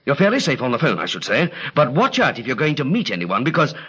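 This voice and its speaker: A brisk gentleman special agent. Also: mid-range voice, huge pitch swings, husky, full character voice. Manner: clipped, breezy upper-class British banter. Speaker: lead character in radio drama. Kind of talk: 1940s radio acting. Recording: dull lo-fi vintage radio recording.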